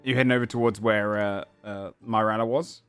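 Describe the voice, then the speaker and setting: A man's voice: on the low side, fairly even intonation, brisk, clear, resonant tone, soft background music. Casual male game master narrating. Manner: casual, many fillers and hedging "kind of".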